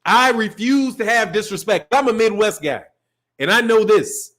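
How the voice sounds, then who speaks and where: His voice sits high and is a bit bright, with lively intonation and a moderate pace. He's a Chicago man with a local accent, hosting a live boxing stream as a rambling, profane rant full of laughs.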